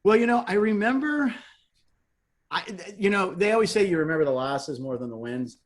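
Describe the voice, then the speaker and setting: Middle-aged male comic, slightly high-pitched, lively anecdotal delivery. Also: normal speed. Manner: animated storyteller, acts out quotes, laughs often. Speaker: guest, comedian and game show host. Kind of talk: casual interview storytelling.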